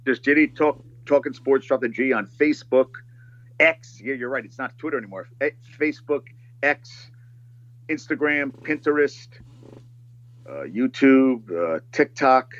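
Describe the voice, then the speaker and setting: A man guesting on a podcast, talking casually and excitably, with animated storytelling and some swearing. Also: medium pitch, measured pace, lo-fi sound.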